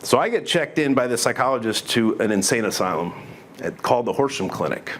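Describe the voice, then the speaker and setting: This middle-aged man's medium-pitched, slightly bright voice is expressive and a little fast, with a faint hiss or hum behind it. Telling his testimony to a crowd, he stays earnest and chatty, restarting often and quoting what people said.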